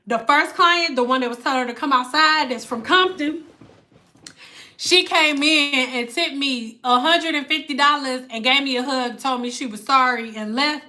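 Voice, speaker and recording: A woman hairstylist telling a story in a casual, slangy livestream chat, acting out the people in it. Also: high-pitched. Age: adult with a daughter. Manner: animated slangy storyteller who acts out the people in her story.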